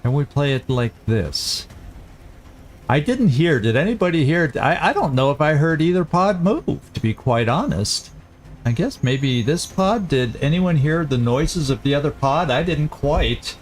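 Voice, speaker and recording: A man hosting a let's-play, chatting casually and thinking aloud as he plays, quick to laugh. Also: on the high side, expressive. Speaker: gaming channel host.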